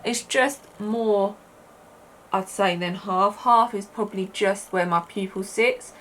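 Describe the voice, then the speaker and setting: A woman's voice: mid-range voice, slow pace, fairly bright tone, slight background noise. A young British woman chatting her way through a makeup tutorial, rambling with lots of fillers. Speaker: beauty vlogger.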